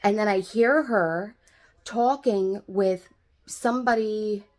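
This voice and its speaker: A woman's voice: medium pitch, takes it slowly, a little mellow. Rambling, cussing young woman telling a story. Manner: rambling, swears freely, many fillers. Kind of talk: casual storytime vlog.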